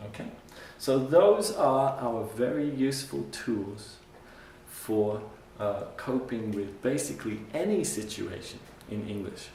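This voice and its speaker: A male English teacher giving a classroom lesson, patiently repeating phrases slowly for his learners. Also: mid-range voice, lively intonation, gravelly, darkish tone, slight background noise. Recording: roomy classroom sound from a distant mic.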